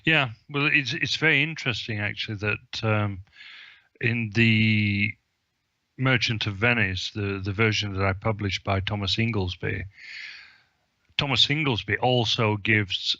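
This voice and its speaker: Bright, lo-fi male podcast host. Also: fairly low pitch, a little slow, no room sound. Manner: hesitant, many ums and restarts. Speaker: publisher. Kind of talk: casual film discussion.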